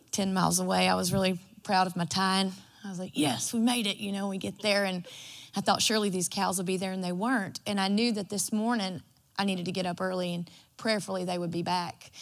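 A woman's voice: mid-range voice, a bit bright. A woman, preaching a devotional sermon in a folksy storytelling way. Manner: folksy and storytelling, acts out her own quotes.

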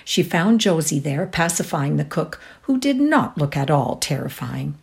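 A Canadian woman gives a dramatic reading of a short story in a fairly low voice. Her pitch rises and falls a great deal as she acts out each character's lines. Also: animated, a little slow, vocal fry, darkish tone. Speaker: reader.

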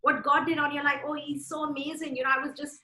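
A woman's voice: high voice, flat delivery, fast, bright, forceful tone, echoey room, low-quality recording. A woman preaching a sermon with fervent, conversational delivery and repeated phrases.

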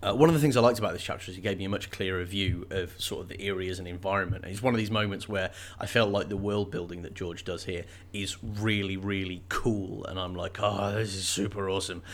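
A man co-hosting a casual book discussion podcast, animated, swearing playfully and laughing often. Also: deep voice, fast, hardly any pauses. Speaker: podcast co-host.

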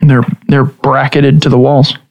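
A man narrating a tabletop game as game master, in a relaxed, conversational way with small restarts. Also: mid-range voice, a little slow, highs cut off.

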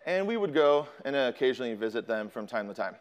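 A man's voice: mid-range voice, big pitch swings, quick pace, clean tone. A man in his thirties from Chicago, a student pastor, telling a casual, self-deprecating story to a congregation with frequent ums. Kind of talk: storytelling sermon.

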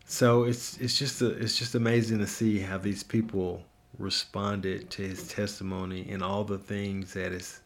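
A man preaching a Bible teaching in a low, gravelly voice. He speaks in an earnest, encouraging way and often stops to restart a thought. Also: level tone, measured pace, hardly any pauses. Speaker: pastor.

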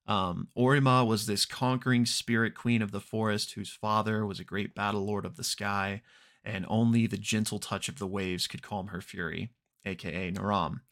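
A man hosting a podcast, casually recapping an actual-play episode with many ums and quick acted-out quotes. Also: fairly low pitch. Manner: relaxed, unhurried retelling with frequent ums and throat clearing; briefly acts out characters' lines in quoted voices.

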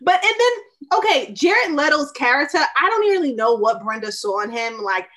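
Woman, podcast guest, casual chat, a bit high voice, animated. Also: normal speed. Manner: animated, laughs often.

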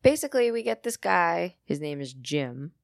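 A woman's voice: lowish voice, big pitch swings, normal speed, gravelly, dry recording, studio quality. A woman co-hosting a podcast, chatting casually, blunt and jokey with frequent laughter. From Italian heritage. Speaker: podcast co-host. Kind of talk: casual chat.

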